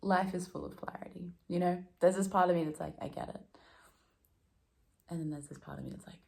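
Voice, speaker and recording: A woman's voice: fairly low pitch, a little fast, vocal fry, a little mellow. A woman vlogging at home in a rambling, self-deprecating casual chat, often laughing. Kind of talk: casual reflective vlog chat. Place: room at home.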